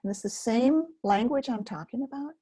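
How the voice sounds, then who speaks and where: An older woman hosting a self-care webinar, speaking softly and slowly in a soothing way and sometimes dropping to a whisper. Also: fairly high pitch, lively intonation, husky. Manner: soft, slow and soothing, drops to a whisper. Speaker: webinar host and Focusing teacher.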